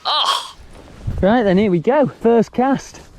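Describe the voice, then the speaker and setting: A man's voice: mid-range voice, lively intonation, normal speed, fairly bright tone. A man from the UK chatting enthusiastically to camera on a riverbank as a fishing vlogger. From United Kingdom. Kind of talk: casual outdoor vlog talk to camera. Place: outdoors on a riverbank.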